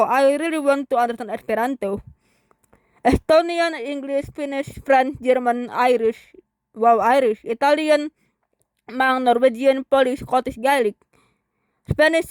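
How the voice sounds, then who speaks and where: A woman's voice: high voice, dry recording, clean studio sound. A woman vlogger chatting casually at home with her dog nearby, thinking aloud as she translates. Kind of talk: casual chat.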